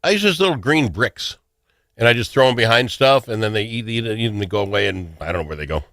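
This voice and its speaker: A man's voice: lowish voice, fast, no room sound, clean studio sound. A middle-aged man hosting a talk show, telling jokey stories in casual chat. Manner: animated, jokey storytelling. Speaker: radio talk show host.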